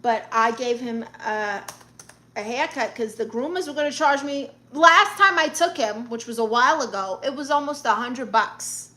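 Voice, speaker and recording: A woman's voice: fairly high pitch, normal speed, bright, forceful tone. A woman voicing a brash, boastful, middle-aged aunt from Brooklyn who plays at being a therapist, hosting a livestream and reading out chat comments with blunt sass and a Brooklyn accent. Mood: sassy. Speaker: livestream host.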